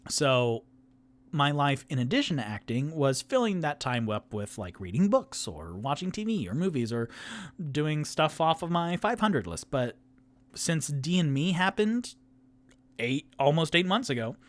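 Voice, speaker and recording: A man runs a tabletop game by himself, narrating the scene in a rambling, casual way. His voice has lively rises and falls while his pace stays unhurried. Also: fairly high pitch. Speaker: game master and solo player.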